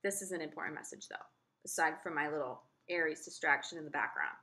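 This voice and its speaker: A woman's voice: sits low, fast talker, bright, forceful tone. A woman giving a casual, earnest tarot horoscope reading, reassuring and repeating herself. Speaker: tarot reader.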